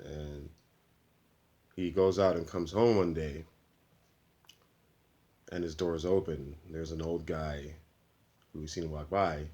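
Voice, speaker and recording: Deep-voiced man, slow, rambling through a movie plot he made; casual storyteller. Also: darkish tone. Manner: rambling, loose retelling. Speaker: amateur filmmaker.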